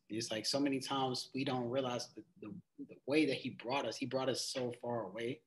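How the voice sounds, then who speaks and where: A man's voice: medium pitch, steady tone, a little fast, low-quality recording. Male Bible study teacher with a mid-range voice. He reads scripture aloud, then explains it casually and conversationally. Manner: conversational, loose phrasing with frequent "it's like"; reads verses aloud in old-fashioned wording, then explains them plainly.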